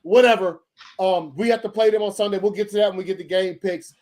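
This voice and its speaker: A man's voice: high voice, steady tone, fast, a little mellow. A man co-hosting a sports podcast, ranting in a heated, profane way with many stammered restarts. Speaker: podcast co-host. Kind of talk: casual sports podcast rant.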